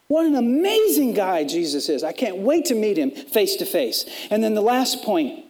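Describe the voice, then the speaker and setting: Pastor guy preaching, super animated, voice jumps all over, plays out the quotes. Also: sits high. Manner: repeats words when building a point. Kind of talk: sermon.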